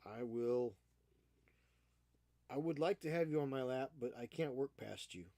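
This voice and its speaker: A man's voice: mid-range voice, fairly quick, gravelly, darkish tone, dry recording. Playful man baby-talking to his cat. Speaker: miniature painting streamer. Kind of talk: casual stream chat.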